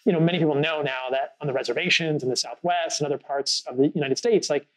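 A man's voice: on the high side, quick pace, rough recording. Earnest man musing on a podcast. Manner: earnest, thoughtful, storytelling with many fillers. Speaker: podcast host. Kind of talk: casual conversational podcast.

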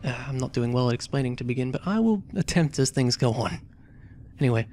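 A man's voice: mid-range voice, lively intonation, quick pace, darkish tone, soft background music. A man hosting a let's play, chatting casually and hesitantly while he plays a story game.

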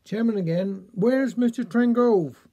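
A man's voice: high voice, a little slow, dark tone, lo-fi sound. A man with a Cornish accent reading a dialect story, playfully voicing the villagers.

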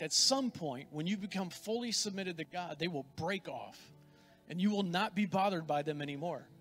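A middle-aged man preaching with fervent, repetitive insistence, his voice sitting high for a man. A faint guitar plays beneath his prayer and exhortation. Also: fairly bright tone. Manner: fervent, repeats phrases for emphasis. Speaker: pastor. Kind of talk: sermon with prayer.

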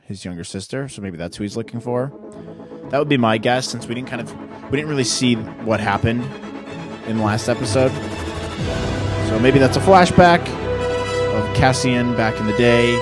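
A man hosting a casual reaction video, chatty and self-mocking with quick asides. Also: fairly low pitch. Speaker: host reacting to a TV episode.

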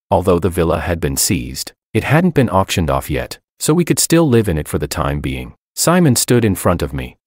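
A man narrates a first-person audiobook in a deep, low voice. His pitch moves a lot across the lines, but his delivery stays dry and matter-of-fact. The recording is close and dead, with no room sound. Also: no echo.

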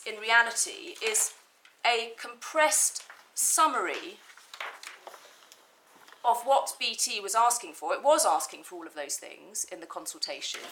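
A woman barrister addresses the bench in a courtroom, building her case point by point. Her voice is bright and crisp, and she leans on key words to stress them. Faint hiss sits under the desk microphone. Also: medium pitch, poor audio. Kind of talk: formal legal argument in court.

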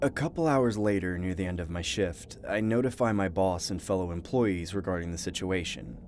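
A man narrating a first-person animated horror story in a dramatic, tense storytelling manner. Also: sits low, moderate pace, a little hiss or hum. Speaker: narrator and voice actor.

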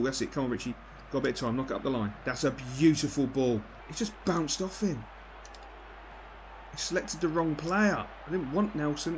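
Male gaming commentator, mid-pitched, reactive and sweary, faint noise underneath. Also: a little fast. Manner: excitable, swears and yells at the game. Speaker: gaming YouTuber. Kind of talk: live football game commentary.

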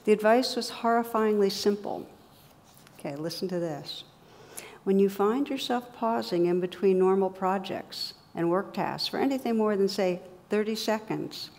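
A woman's voice: mid-range voice, moderate pace, darkish tone, in a large hall. A woman meditation teacher giving a dharma talk, wry and playful, with teasing asides to her listeners.

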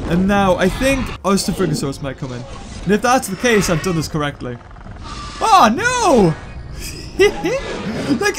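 A man giving excitable gameplay commentary, thinking out loud and breaking into sudden high yelps. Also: noisy background. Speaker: gaming YouTuber. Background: game music.

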